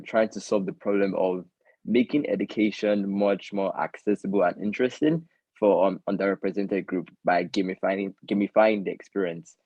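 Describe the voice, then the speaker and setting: A man's voice: low-pitched, no room sound. A student man introducing his team over a video call, polite and a little hesitant. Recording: dull, dry, lo-fi call audio.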